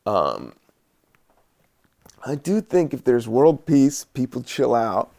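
A man hosting a podcast, rambling in a relaxed, musing way with many fillers while he doodles. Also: medium pitch, vocal fry. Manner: laid-back, slow, musing with many fillers and laughs. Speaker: podcast host.

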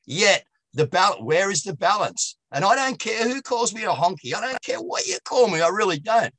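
Bright, dry-voiced man. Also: sits high, normal speed, no echo. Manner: animated anecdote-telling, blunt. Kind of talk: interview discussion.

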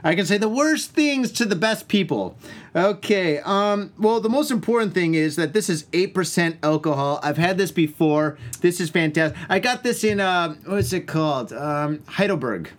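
Animated, crude-talking man on a podcast. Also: sits high, normal speed. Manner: crude, animated storytelling with lots of swearing. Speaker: podcast host. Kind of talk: casual drinking podcast banter. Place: home, indoors.

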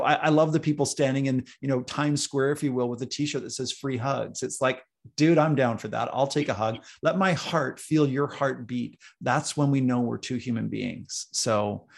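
Male podcast guest, coach type; earnest storyteller, gravelly texture. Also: mid-range voice, normal speed. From North America, East Coast. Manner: earnest, storytelling, emphatic repetition. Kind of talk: casual podcast conversation.

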